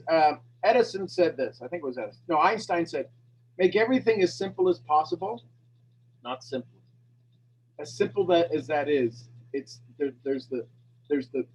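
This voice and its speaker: A man's voice: a little high, husky. Guy hosting a morning call, affectionate and rambly, dull muffled call audio. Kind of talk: casual heartfelt chat.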